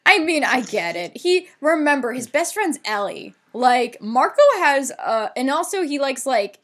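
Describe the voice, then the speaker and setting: A woman's voice: high voice, big pitch swings, unhurried, fairly bright tone. A woman co-hosting a podcast, recapping a TV episode in casual, chatty talk with lots of fillers and some swearing. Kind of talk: casual chat.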